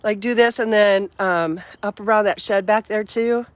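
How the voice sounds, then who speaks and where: A woman's voice: mid-range voice, fairly even intonation, normal speed. A middle-aged woman chatting on a casual livestream, upbeat and rambling, a little out of breath as she walks around outdoors. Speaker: livestream host. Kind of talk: casual live-stream chat. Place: outdoors around her home and yard.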